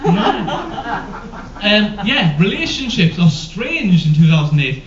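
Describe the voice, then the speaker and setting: A man's voice: high voice, sing-song, slow. A man performing live stand-up comedy, rambling and hesitant with many ums. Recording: echoey room, distant mic, dull lo-fi.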